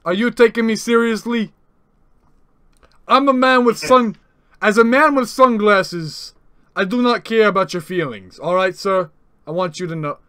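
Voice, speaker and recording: A man with a high-pitched voice plays a brash comic persona on a random video chat. He curses freely and grills strangers one blunt question after another. The sound is dry and close, picked up by a computer microphone at a desk. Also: normal speed, bright, forceful tone, clear, resonant tone, no room sound. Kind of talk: prank video-chat comedy. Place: indoors at a desk.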